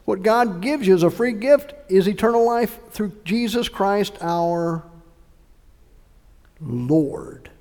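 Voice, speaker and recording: A male pastor preaching a sermon, emphatic, swinging between loud bursts and hushed lines. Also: high voice, expressive, slow pace, in a large hall.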